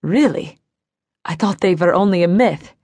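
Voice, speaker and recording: A woman's voice: fairly low pitch, animated, normal speed, a little mellow, no echo. Woman playing a bold, teasing young warrior woman.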